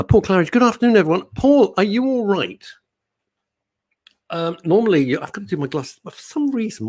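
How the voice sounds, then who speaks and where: A man's voice: medium pitch, darkish tone, dry recording. A middle-aged man, hosting live talk radio and reading out listener comments in a playful, teasing way. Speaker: radio show host.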